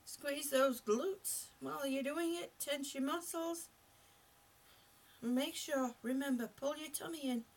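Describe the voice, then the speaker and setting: Woman fitness instructor, high voice, unhurried, repeats step-by-step coaching cues. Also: distant mic. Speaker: exercise instructor. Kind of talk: live-streamed seated exercise class.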